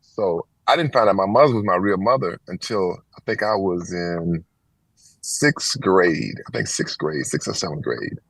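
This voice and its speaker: A man's voice: moderate pace, vocal fry, dry recording, rough recording. A man in his sixties from Texas, telling a long personal story as an interview guest and acting out the voices of the people in it. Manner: animated storyteller, acts out quoted voices with big pitch jumps.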